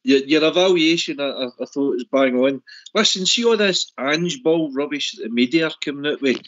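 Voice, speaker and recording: A man's voice: fairly high pitch, brisk, fairly bright tone, lo-fi sound, a little hiss or hum. A man calling in to a football phone-in, friendly and laughing along with the others. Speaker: caller. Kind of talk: casual football phone-in chat.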